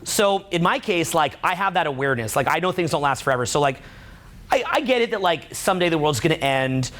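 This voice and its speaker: A man's voice: a little high, expressive, fairly quick, fairly bright tone. A man giving a casual talk to a live audience, rambling and peppering his speech with "like" and "right?". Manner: rambling, heavy use of "like" and "right?". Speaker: seminar speaker.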